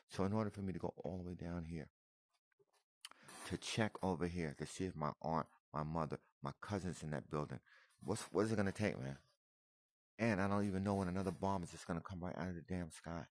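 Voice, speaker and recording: A man's voice: sits low, dry recording. A man giving casual, emotional reaction commentary on video footage, repeating himself and calling the listener "man" and "brother". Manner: emotional, repetitive, addresses viewer as man and brother.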